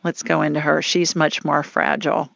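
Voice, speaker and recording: A woman's voice: low voice, level tone, moderate pace, gravelly, fairly bright tone, no echo, dull audio. A woman hosting a psychic call-in radio show, chatty and down-to-earth, with folksy phrases. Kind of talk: call-in show, casual and reassuring.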